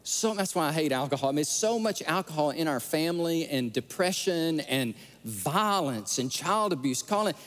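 Earnest preacher man, high lively voice. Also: normal speed. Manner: earnest, emotional storytelling with repeated words. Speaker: pastor. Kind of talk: sermon. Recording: long hall reverb.

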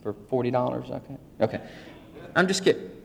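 A man's voice: mid-range voice, animated, brisk, gravelly, a little mellow. A man preaching a folksy teaching sermon, joking with his congregation. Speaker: pastor. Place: church sanctuary. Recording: long hall reverb.

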